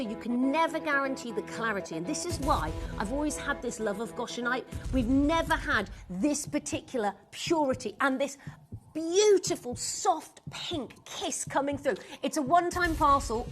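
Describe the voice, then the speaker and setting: A woman presenting jewelry on a live shopping channel, chatty and gushing as she greets viewers by name. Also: sits high. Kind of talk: live jewelry sales pitch. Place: television studio.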